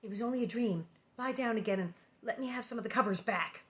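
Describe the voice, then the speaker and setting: A woman reading the lines of a sensible frontier mother who gently scolds her husband in a storybook. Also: on the high side, quick pace, lightly acted. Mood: sleepy.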